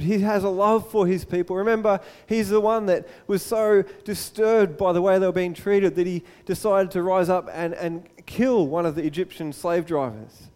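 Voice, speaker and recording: A man preaching a sermon as a pastor, telling the story in a lively way and acting out the scenes. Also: high-pitched, long reverb tail. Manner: animated storytelling, acts out the scene.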